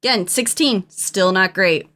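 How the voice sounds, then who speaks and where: A young woman co-hosting a casual movie podcast, animated and chatty, with lots of fillers and restarts. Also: medium pitch, measured pace. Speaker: podcast co-host.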